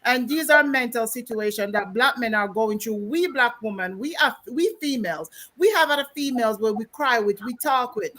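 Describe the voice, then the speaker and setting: Woman from the US, earnest, emphatic, slightly high voice, bright tone, video call panel talk. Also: animated, moderate pace, few pauses. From United States. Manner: earnest, emphatic, repeats points. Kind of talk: panel discussion.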